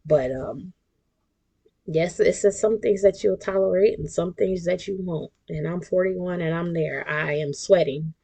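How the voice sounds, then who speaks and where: A woman's voice: fairly low pitch, vocal fry, warm tone, slightly rough. A woman, hosting her own podcast as a casual monologue that is chatty and emphatic, with laughs and whispered asides. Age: 40s. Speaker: podcast host.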